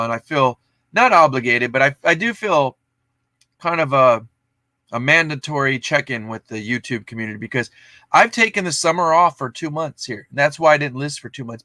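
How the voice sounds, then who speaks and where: A man's voice: mid-range voice, sharp tone, no room sound. A man hosting a casual livestream, chatting in a rambling, self-interrupting way. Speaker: livestream host.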